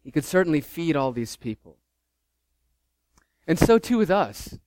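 A man's voice: on the high side, measured pace, no echo. Dry-voiced man preaching a sermon. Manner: animated preaching, voices the disciples mockingly. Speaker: pastor.

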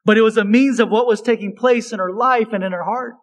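A male preacher delivers an expository sermon slowly and deliberately, swinging between raised, emphatic lines and hushed, low asides.

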